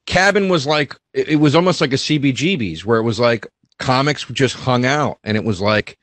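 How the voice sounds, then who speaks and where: A man's voice: medium pitch, normal speed, fairly bright tone, dry recording. A man on a comedy talk show, animatedly reminiscing with laughs. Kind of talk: casual comedy podcast chat.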